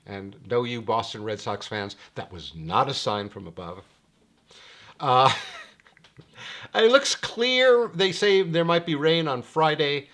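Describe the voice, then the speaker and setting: A middle-aged man teaching horse betting in a wry, lecturing way, his pitch swinging up when he gets excited. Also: takes it slowly. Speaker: handicapping teacher. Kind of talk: screen-share explainer monologue.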